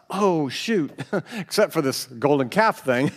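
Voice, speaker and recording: A man's voice: fairly high pitch, expressive, a little slow, in a large hall. A man preaching a sermon, reading scripture aloud with dramatic voices and chuckling as he comments. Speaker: pastor.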